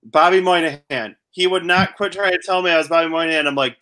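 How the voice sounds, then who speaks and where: Bright-voiced joking man. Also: on the high side, fairly even intonation. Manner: joking, quick retelling. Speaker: podcast co-host. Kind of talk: casual chat.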